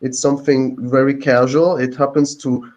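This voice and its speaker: A man in a heated online panel debate who talks in halting, earnest bursts, restarting his sentences as he defends his view. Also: mid-range voice, little pitch movement, a little mellow, low-quality recording. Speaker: panel participant.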